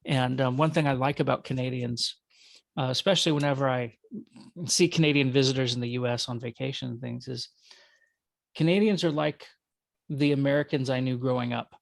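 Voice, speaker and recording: Minnesota-accented man guest, gravelly, loose and jokey, dry recording. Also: mid-range voice, steady tone, brisk, no echo. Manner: rambling, self-correcting, joking. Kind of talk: conversational interview.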